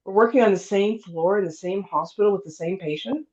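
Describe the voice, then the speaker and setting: A woman's voice: mid-range voice, a little fast. A middle-aged woman, telling a personal story in a casual interview, acting out the other people's lines and using lots of fillers. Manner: lively storyteller, acts out quoted dialogue, many fillers. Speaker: guest telling her near-death story. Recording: dull lo-fi sound.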